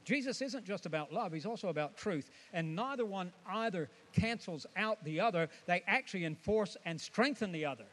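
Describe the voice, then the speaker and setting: A man's voice: sits high, animated, normal speed, hardly any pauses, fairly bright tone. A man preaching a sermon, emphatic and dramatic, who often acts out the voices of his listeners.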